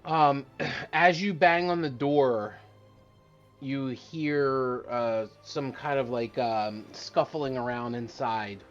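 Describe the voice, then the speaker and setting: A man's voice: mid-range voice, slow pace, dull audio, faint music behind. A man narrating as game master of a tabletop game, hesitant and full of fillers.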